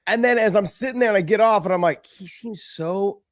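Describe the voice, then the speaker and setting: A man's voice: sits high, very fast, dry recording, clean studio sound. A man hosting a sports podcast, telling loose, rambling stories in casual chat. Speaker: podcast host.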